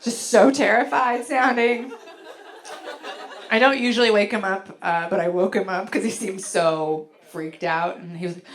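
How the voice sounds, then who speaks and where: A woman's voice: medium pitch, moderate pace. Woman comedian, stand-up set, filler-heavy storytelling, stage mic. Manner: chatty, filler-heavy storytelling with big acted-out voices.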